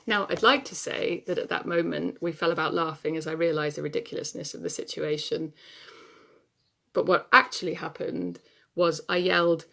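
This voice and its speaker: A woman's voice: fairly low pitch, fairly even intonation, moderate pace, vocal fry, a bit bright. A woman performing a stage monologue as an adult daughter anxious about her aging parents, telling her story in a wry, confessional way. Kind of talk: theatre monologue.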